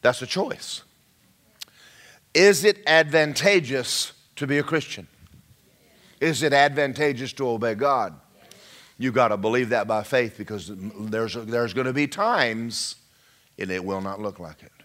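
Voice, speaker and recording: A man's voice: mid-range voice, measured pace, pauses often, a bit bright. A middle-aged man preaching a sermon, calling out questions to his congregation. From Georgia, US. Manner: preaching with call-outs to the congregation. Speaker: pastor.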